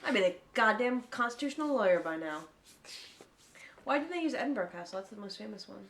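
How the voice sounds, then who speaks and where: A woman co-hosting a podcast, chatting casually with a mid-range voice. She talks in an animated way and swears freely. She launches into long, eager explanations. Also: mid-range voice, fast talker. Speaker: podcast co-host. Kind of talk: casual chat.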